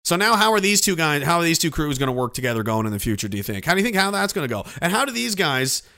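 A man ranting in a sarcastic, profane, indignant commentary. His voice sits high for a man, with a bright, sharp edge. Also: very animated, very fast.

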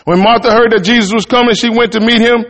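High-voiced preacher in an echoing church. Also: male voice, steady tone, fast, fairly bright tone. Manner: conversational, reads verses then riffs in folksy Southern-style talk. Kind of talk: sermon with scripture reading.

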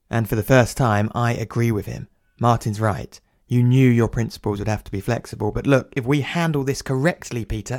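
A man's voice: medium pitch, darkish tone, no echo, clean studio sound. A man narrating an audio drama as a wry inner voice, speaking to the listener in second person.

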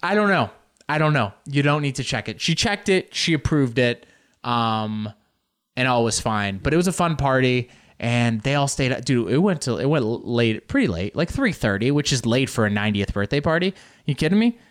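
A male stand-up comedian telling a story with animated bursts of mock outrage. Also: medium pitch, moderate pace.

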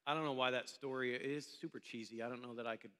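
A man's voice: medium pitch, fairly even intonation, quick pace, bright, forceful tone, clear, resonant tone, in a large hall. A male pastor telling a story during a sermon in a church meeting room, in a loose, conversational way.

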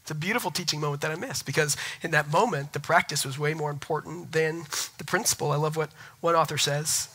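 A man in his thirties delivers a sermon in a very bright, ringing voice sitting a little high. He tells family stories with animated, self-mocking humor between points. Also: fast, slightly rough, rough recording. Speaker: pastor.

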